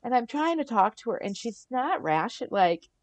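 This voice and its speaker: A middle-aged woman guest on a podcast, telling her story in a casual, animated way, often acting out what others said and laughing. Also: a little high, moderate pace, no room sound.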